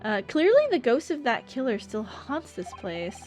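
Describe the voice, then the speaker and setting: A young woman on a live stream, playful and giggly as she reads game dialogue aloud. Her fairly high voice swings widely, and she takes her time over the words. Soft music sits behind her. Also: very animated, normal speed. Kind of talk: casual live-stream chat, reading game lines aloud.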